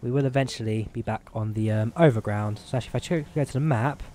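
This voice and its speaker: A young man speaks at a mid pitch, his accent a blend of Midlands English and Eastern European. He chats loosely and rambles, pokes fun at himself, and talks through each moment as he plays. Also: fast, warm tone, slight background noise. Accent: Midlands English mixed with Eastern European. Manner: chatty, rambling, self-deprecating. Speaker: streamer. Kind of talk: casual gameplay commentary.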